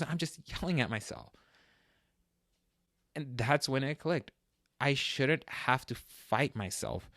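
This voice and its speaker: A man's voice: mid-range voice, dry recording, clean studio sound. A man hosting a fitness talk show, speaking earnestly and personally, getting worked up as he tells his own story. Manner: earnest and emotional, gets loud and worked up retelling a struggle. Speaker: fitness podcast host.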